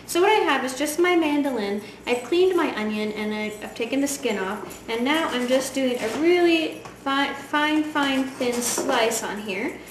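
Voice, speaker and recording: A woman's voice: high-pitched, animated, moderate pace, few pauses. A woman giving a chatty, enthusiastic cooking demonstration in a home kitchen. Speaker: home cook. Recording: echoey kitchen, voice from far off, loud frying noise.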